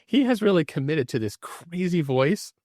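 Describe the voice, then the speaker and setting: Laughing his way through a casual review of a bad horror movie, this podcast co-host tells stories in a lively, animated way. His voice sits on the high side at a moderate pace, recorded with clean studio sound and no echo.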